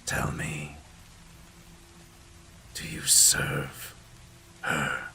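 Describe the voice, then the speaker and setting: A man voicing a mysterious male stranger who speaks in a low, ominous, half-whispered voice. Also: fairly even intonation, extremely slow, gravelly, bright, forceful tone, slight background noise, exaggerated voice. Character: mysterious male stranger on a bridge, hat brim dripping.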